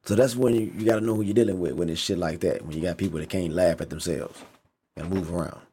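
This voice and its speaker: A man's voice: deep voice, steady tone, quick pace, dark tone, husky. A man giving a casual, emphatic opinion rant, repeating himself for stress, using slang and swearing a lot. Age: adult. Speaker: vlogger.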